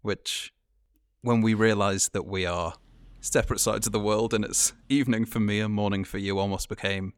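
A man's voice: lowish voice, fairly even intonation, normal speed, a bit bright, no room sound. A man co-hosting a podcast in casual chat, trading dry, teasing banter. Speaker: podcast co-host.

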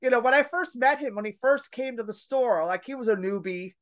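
A woman's voice: on the high side, a little fast. A woman comedian, a podcast guest, telling brash, profane stories in casual chat and acting out the other people's lines. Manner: brash, profane, animated storytelling with acted-out quotes.

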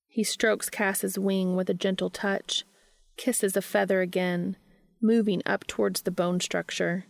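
A woman reading a story aloud in an unhurried, soft, intimate narration. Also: mid-range voice, vocal fry, no room sound, clean studio sound. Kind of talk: scripted audiobook narration.

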